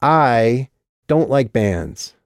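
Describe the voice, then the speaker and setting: A man reading an audiobook and voicing a sharp, sardonic woman who has been drinking. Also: mid-range voice, expressive, normal speed, dry recording, studio quality, voice pushed up, lightly acted. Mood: slurred.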